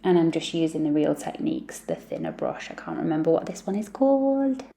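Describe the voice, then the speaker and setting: A woman's voice: low-pitched, wildly swooping pitch, fairly quick, vocal fry, mellow. A woman, a mum and beauty vlogger, talking through her makeup routine in a chatty, self-deprecating way. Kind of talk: makeup tutorial chat.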